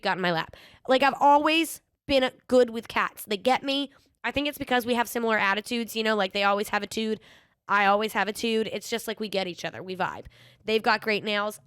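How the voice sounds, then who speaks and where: A woman's voice: medium pitch, brisk, a bit bright, clear, resonant tone, dry recording, clean studio sound. A young woman hosts a podcast, chatting casually and telling stories with a playful, sassy edge and lots of ums. She has a slight lisp now and then. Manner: chatty storyteller, frequent ums, playful sass. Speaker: podcast host. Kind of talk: casual solo podcast chat.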